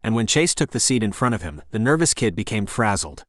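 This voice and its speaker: A man narrating an audiobook in a measured, expressive scripted read. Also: lowish voice, no echo, studio quality.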